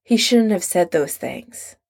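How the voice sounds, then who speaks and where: Nervous guilty young guy pleading, as a woman narrator puts him on, slow and gentle. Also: on the low side, expressive, creaky, breathy edge, full character voice. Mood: apologetic. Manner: pleading, apologetic. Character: anxious young man, apologetic and guilty.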